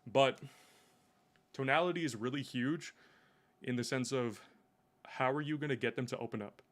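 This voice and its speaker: A man's voice: mid-range voice, normal speed. A young man in casual chat, coaching a coworker on sales, swearing freely and making his points bluntly. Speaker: sales rep.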